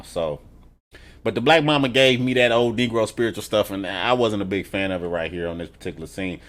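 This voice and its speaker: Brief: male TV reviewer, profane, animated, casual recap. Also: fairly low pitch, brisk. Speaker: TV show reviewer.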